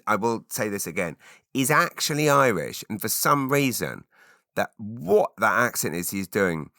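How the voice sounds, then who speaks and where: A man in his forties hosting a rambling, animated solo chat, answering listener questions with sudden loud exclaimed bursts. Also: on the low side, moderate pace, no echo, studio quality. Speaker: podcast host.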